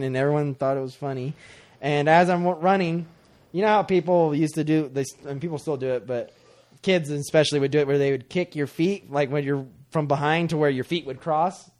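A man's voice: on the high side, fairly quick, darkish tone. A young man telling a story about himself in casual chat, candid and self-deprecating.

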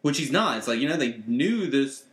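A man's voice: mid-range voice, lively intonation, moderate pace, fairly bright tone. Male podcast co-host, casual rambler, roomy echo on the voice. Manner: rambling, trails off and restarts often. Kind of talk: casual chat. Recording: echoey room.

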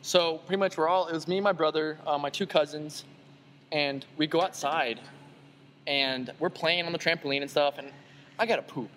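A young man on a casual podcast telling an excitable, crude story. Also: fairly high pitch, normal speed, long reverb tail, a little hiss or hum.

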